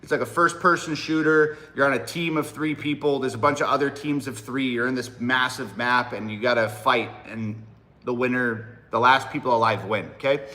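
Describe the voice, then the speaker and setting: A man's voice: medium pitch, steady tone, normal speed, bright, forceful tone. A man in his thirties hosting a casual livestream, talking in a blunt, profane and rambling way to his viewers. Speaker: livestream host and rapper.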